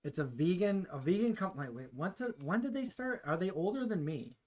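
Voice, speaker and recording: A man's voice: sits high, animated, a little fast, darkish tone. A middle-aged man hosting a cooking stream, chatting playfully and teasing his friends in a home kitchen. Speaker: cooking show host. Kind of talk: casual chat on a live cooking stream.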